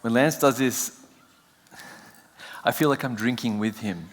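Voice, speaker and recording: A man's voice: mid-range voice, a little slow, a little hiss or hum. An Australian man giving a chatty, joking sermon as a guest preacher. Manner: chatty, self-joking, laughs often. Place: church sanctuary. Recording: long church hall reverb.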